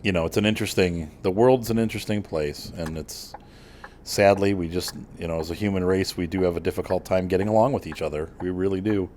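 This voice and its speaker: A man's voice: deep voice, fairly quick, a little mellow, a little hiss or hum. An American man hosting a gaming channel, rambling through casual commentary with many fillers and restarts while he plays. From United States.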